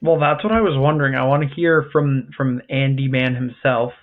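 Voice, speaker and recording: Flat-voiced man on a tinny line. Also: mid-range voice, normal speed. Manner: frank, self-deprecating. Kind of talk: casual podcast talk. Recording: tinny phone-like call audio.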